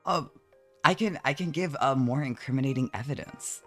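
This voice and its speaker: A man streaming from home as a vtuber, chatting casually while he draws, animated and jokey, swearing often and teasing his chat. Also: mid-range voice, moderate pace, faint music behind.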